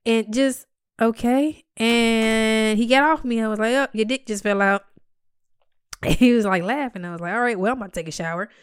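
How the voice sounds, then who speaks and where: A woman with a slightly high, clear and resonant voice tells her viewers a personal story at a moderate pace, with no echo. She's candid, blunt and profane, with dry, exasperated humor, acting out the lines she said at the time.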